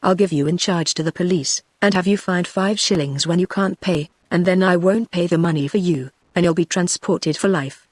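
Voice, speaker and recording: A woman's voice: on the low side, normal speed, hardly any pauses, darkish tone, dry recording, close to an everyday voice. A synthetic British English woman's voice reading the lines of a scolding young female dollmaker in a storybook.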